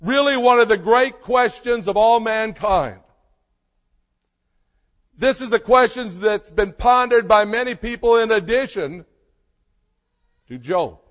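A male pastor preaches slowly and emphatically in a high, fairly bright voice, leaning on dramatic pauses. A long reverb makes it sound as if he's in a large church sanctuary.

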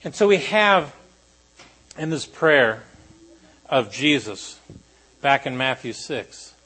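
A male pastor preaching a sermon to a congregation, shifting between animated emphasis and quiet, solemn lines. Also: mid-range voice, slow pace, breathy edge, low-quality recording.

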